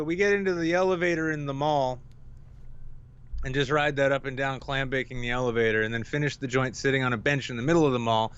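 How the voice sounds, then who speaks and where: A man on a podcast spins a profane, playful story in a relaxed chat. His voice is smooth and resonant at a middle pitch. The stream audio is a bit dull and lo-fi. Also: fast talker. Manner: loose, profane, playful storytelling with acted-out quotes. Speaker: podcast co-host.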